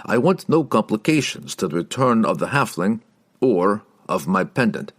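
A man's voice: on the low side, very animated, normal speed, pitched above the performer's own voice. A man reading the part of a scheming guildmaster who speaks slyly and coldly, with clipped, menacing lines. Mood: displeased. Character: scheming male guildmaster, cold and possessive.

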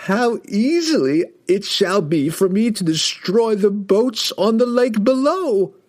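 A high, piercing voice for an arrogant wizard tyrant, shouting every boast slowly and grandly. The pitch soars and the timbre sounds strained and strange. The delivery is drawn out and imperious. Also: male voice, animated, exaggerated voice. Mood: boastful. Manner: shrill, slow, grandiose shouting.

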